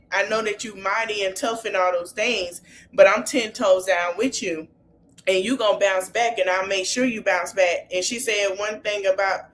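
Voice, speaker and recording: Her mid-range voice has a slightly bright quality as she hosts a podcast. She retells reality-show moments like gossip between friends, in African American Vernacular English, keeping the recap relaxed and chatty.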